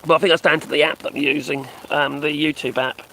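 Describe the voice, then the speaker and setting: A man's voice: a little high, steady tone, fast talker, sharp tone, a little hiss or hum, rough recording. A man doing casual live-stream commentary on his phone, mocking and sarcastic, swearing and chuckling as he reacts.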